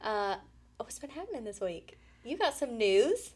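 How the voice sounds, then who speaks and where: A woman co-hosting a podcast, playful and teasing and quick to laugh. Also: fairly high pitch, big pitch swings, darkish tone, a little hiss or hum. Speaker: podcast co-host. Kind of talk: casual chat.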